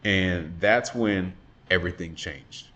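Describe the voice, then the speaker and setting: Man, very low voice, earnest, reflective, personal testimony monologue. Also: takes it slowly, sharp tone. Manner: earnest, reflective, emotional retelling. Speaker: father telling his story.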